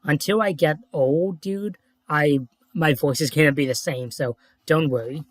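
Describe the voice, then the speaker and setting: A man's voice: a little high, a little slow, no echo, studio quality. A man in his twenties chatting eagerly on a livestream, peppering his talk with "dude" and "like". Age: 20s. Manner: eager, friendly, says "dude" and "like" often. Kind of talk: casual livestream chat.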